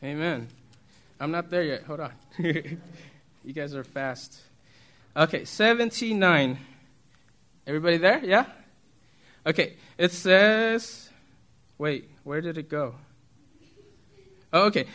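A man with a voice pitched a little above most men preaches in a loose, conversational way. He keeps checking in with the congregation through quick questions and chuckles easily. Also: lively intonation, fairly bright tone. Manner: chatty, asks the congregation questions, chuckles often. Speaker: pastor. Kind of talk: casual conversational sermon.

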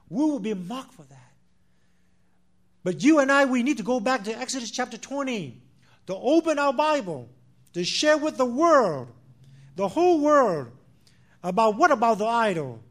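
High-voiced man preaching with fervor. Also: sing-song, moderate pace, long pauses. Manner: impassioned, swinging between loud declarations and hushed asides; repeats phrases for emphasis, addresses listeners as "my friend". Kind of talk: sermon.

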